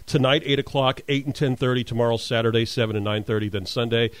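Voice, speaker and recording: A man's voice: mid-range voice, flat delivery, quick pace, no echo. Radio host man with a dry close sound. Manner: brief affirming replies, reads out show times. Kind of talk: radio interview chat.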